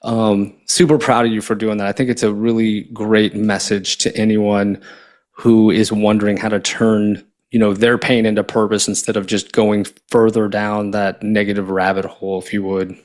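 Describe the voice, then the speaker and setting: A man's voice: on the low side, flat delivery, moderate pace, a little mellow. A man hosting a podcast, responding to his guest in an encouraging, conversational way. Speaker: podcast host. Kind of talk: supportive interview talk.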